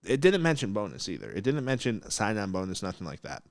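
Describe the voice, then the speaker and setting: A man's voice: fairly low pitch, huge pitch swings, quick pace, no room sound, studio quality. A man hosting a casual podcast, telling a story bluntly and with animation. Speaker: mortgage broker, podcast host.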